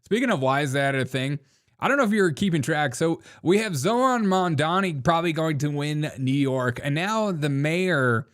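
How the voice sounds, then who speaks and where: A man's voice: a little high, lively intonation, moderate pace, a bit bright, clean tone. A man hosting a live commentary show, talking casually in a mocking way, laughing often and saying "dude". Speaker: host.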